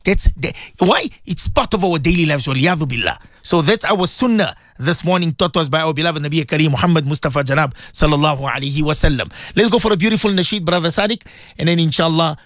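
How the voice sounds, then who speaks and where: A man's voice: on the high side, fast talker, fairly bright tone, no room sound, clean studio sound. A man preaching on morning radio, speaking with passion, repeating rhetorical questions and letting his voice surge up and down. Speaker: radio presenter giving Islamic teaching.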